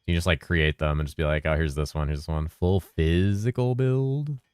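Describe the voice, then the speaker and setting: A man with a very low voice chats casually on a game stream, rambling and cursing as he goes. He mumbles some words, and the sound is close and dry with no room echo. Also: level tone, quick pace, smooth. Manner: loose and rambling, swears freely, mumbles at times. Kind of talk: casual live-stream chat.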